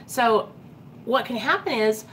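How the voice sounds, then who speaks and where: A woman talking casually and earnestly to her viewers in a recovery vlog, animated and direct. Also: a little high, slow, slight background noise. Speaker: recovery vlogger. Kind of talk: casual livestream-style talk to viewers.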